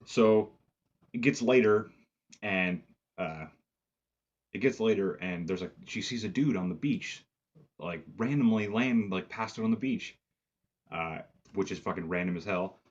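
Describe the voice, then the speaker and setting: Low, husky-voiced man; loose, profane, filler-heavy reviewer recap. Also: measured pace, pauses often, muffled recording. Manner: profane, rambling, lots of "like" fillers. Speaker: movie reviewer. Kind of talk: casual film review recap.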